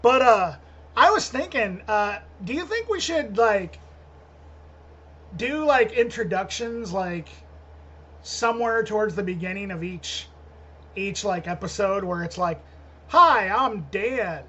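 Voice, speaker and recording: A man's voice: high-pitched, animated, measured pace, pauses often, fairly bright tone, a little hiss or hum. Man, podcast co-host, casual rambling chat, frequent laughs, muffled call audio. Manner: rambling, laughs often, many restarts. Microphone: remote call over the internet.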